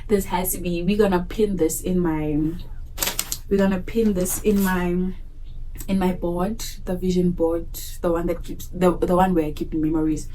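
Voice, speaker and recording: A woman's voice: lowish voice, fairly even intonation, unhurried, mellow, slight background noise, rough recording. A young woman, a primary school teacher, chatting casually to camera and laughing often, repeating her words as she talks. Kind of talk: casual vlog chat.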